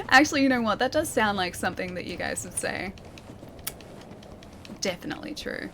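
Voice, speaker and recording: A woman's voice: medium pitch, expressive, brisk, pauses often, noisy background. A woman streaming a game, chatting casually, reading chat aloud and laughing often. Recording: game music behind.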